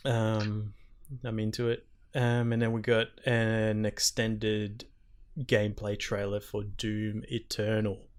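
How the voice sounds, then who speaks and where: A man's voice: lowish voice, completely flat delivery, slow pace, clear, resonant tone. A man co-hosting a casual gaming podcast, rambling through stories with lots of "um" and "like". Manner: rambling, filler-heavy storytelling. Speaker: podcast co-host.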